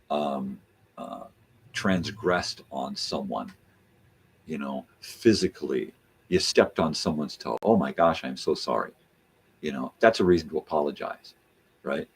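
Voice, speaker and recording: A man's voice: sits low, slightly rough. A man hosting a show, ranting in a rambling, profane casual monologue. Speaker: host.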